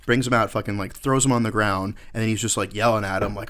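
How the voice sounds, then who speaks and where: A man's voice: fairly low pitch, steady tone, quick pace, fairly bright tone. A male podcast host in casual chat, telling a rambling, profane story.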